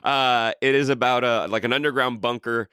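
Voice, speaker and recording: Bright, rambling, profane male podcaster. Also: mid-range voice, steady tone, normal speed, clean tone, no echo, clean studio sound. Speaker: podcast co-host. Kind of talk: casual chat.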